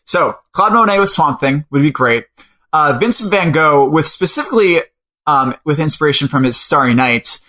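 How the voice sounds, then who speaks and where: Lively, bright-voiced male podcast host. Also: fairly high pitch, moderate pace. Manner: chatty, laughs often. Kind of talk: casual chat.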